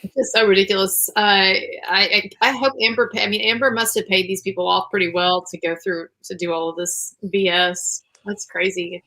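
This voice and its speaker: A woman's voice: mid-range voice, fairly even intonation, moderate pace, sharp tone, rough recording. A woman guest on a casual livestream, talking in an exasperated, scornful way with many fillers.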